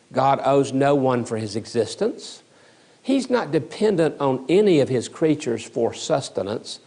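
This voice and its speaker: A man's voice: a little high, a little mellow. A man giving a recorded theology lecture as a seminary teacher, emphatic and repeating key words for stress.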